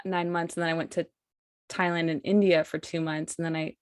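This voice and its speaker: A woman hosting a podcast, speaking in a soft, affirming and reflective way. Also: fairly low pitch, little pitch movement, a little fast, clean tone, dry recording, studio quality. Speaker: podcast host. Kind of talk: casual podcast conversation.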